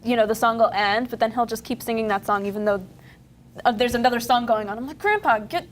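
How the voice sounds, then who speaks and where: A woman's voice: on the high side, flat delivery, fast. Chatty young woman with faint background hum. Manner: chatty, many fillers. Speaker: guest, butcher shop family member. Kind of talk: casual interview.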